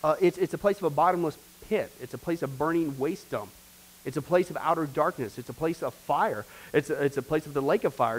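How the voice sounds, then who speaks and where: A man's voice: on the high side, poor audio. Emphatic man teaching a church class. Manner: emphatic, repetitive, addresses the class directly. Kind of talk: sermon-style class teaching.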